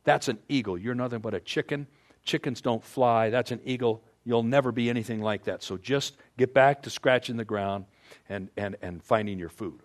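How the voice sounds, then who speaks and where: A man's voice: mid-range voice, normal speed, close to an everyday voice. A man doing a scolding mother hen. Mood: stern, dismissive. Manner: scolding, lecturing.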